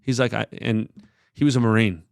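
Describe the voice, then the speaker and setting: A man's voice: lowish voice, steady tone, brisk, gravelly, dry recording, clean studio sound. A man in his thirties, a podcast guest, sharing a personal story in an earnest, rambling way with many filler words. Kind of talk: candid conversational storytelling.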